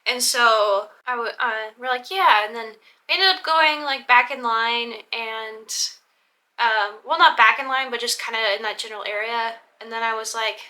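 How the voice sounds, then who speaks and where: This young vlogger's voice is a little high, bright and pushed, at a moderate pace, as she casually recounts a LARP event. The telling is rambling, full of fillers and false starts, with the quoted exchanges acted out.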